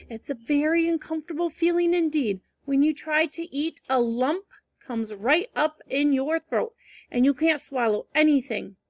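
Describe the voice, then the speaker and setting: A woman's voice: high voice, gravelly, a bit bright, no room sound, full character voice. A woman reading aloud voicing a talkative, imaginative eleven-year-old orphan girl with a dramatic, gushing manner.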